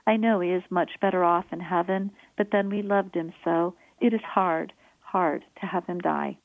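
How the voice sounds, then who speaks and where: A man's voice: high voice, steady tone, moderate pace, creaky, no echo. A woman reading aloud the sorrowful words of a grieving older male president, over a dry, tinny, phone-like line.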